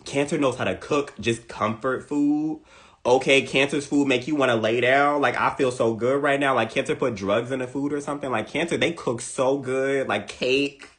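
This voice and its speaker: A man giving a casual, comedic astrology monologue, playful and animated, repeating lines for emphasis. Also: mid-range voice, normal speed. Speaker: astrology content creator.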